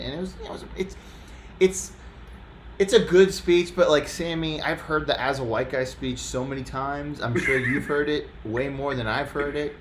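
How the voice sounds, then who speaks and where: A man's voice: mid-range voice, roomy sound, slight background noise. A man hosting a sports talk show in casual chat, joking and laughing easily, often trailing off mid-sentence. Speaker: podcast host.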